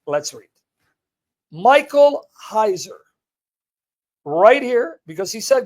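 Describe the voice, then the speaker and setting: A man's voice: sits high, very animated, takes it slowly, a little mellow. A man hosting a livestream, reading a passage aloud and commenting on it with emphatic rhetorical questions to his viewers. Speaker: host of a livestream. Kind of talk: live teaching and commentary, reading a text aloud.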